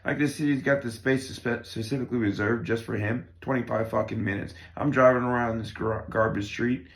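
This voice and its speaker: A man reading a gravelly, foul-mouthed brawler. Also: medium pitch, fairly even intonation, a little fast, lightly acted. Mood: belligerent. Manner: aggressive, rambling, swears constantly. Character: crude, belligerent working-class man, restless and profane. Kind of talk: cold reading of a stage play. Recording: roomy echo.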